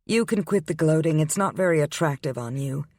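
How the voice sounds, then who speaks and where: A man's voice: fairly high pitch, lively intonation, brisk, dry recording, clean studio sound, voice pushed up. A male audiobook reader voicing a stubborn, indignant young pregnant woman who talks back sharply. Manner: sharp and defiant.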